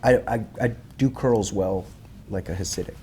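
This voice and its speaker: A man in his thirties, a rapper and filmmaker, tells stories as an interview guest in a fairly low voice at normal speed. He is casual, animated and profane, acting out other people's quotes, with slight background noise in the recording.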